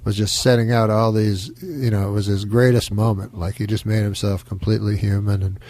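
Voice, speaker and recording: A man talking as a comedian guest in casual chat, deadpan and rambling. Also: lowish voice, fairly quick, dry recording.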